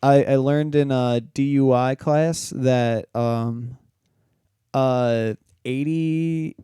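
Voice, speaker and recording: Mellow, smooth-voiced young man telling stories. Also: mid-range voice, steady tone, very slow, no echo, clean studio sound. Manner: laid-back storyteller, swears freely, acts out quotes. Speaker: podcast co-host. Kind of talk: casual chat.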